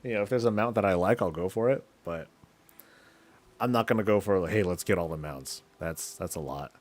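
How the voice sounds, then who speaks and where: A man streaming a game, chatting casually in a loose, slangy, rambling way as he thinks out loud. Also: fairly low pitch, a little fast. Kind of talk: casual chat while gaming.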